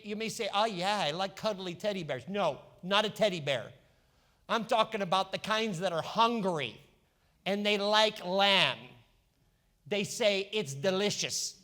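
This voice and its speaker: A male pastor preaching a sermon, telling a Bible story with lively voices for its characters. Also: high-pitched. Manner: animated storytelling, acting out biblical characters.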